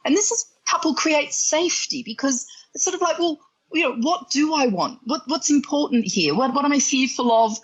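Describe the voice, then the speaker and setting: A woman's voice: high-pitched, animated, normal speed, dull audio. A middle-aged woman with an Australian accent, a guest coach who explains ideas step by step and affirms what she hears in a podcast interview. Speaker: guest, sex and relationship coach.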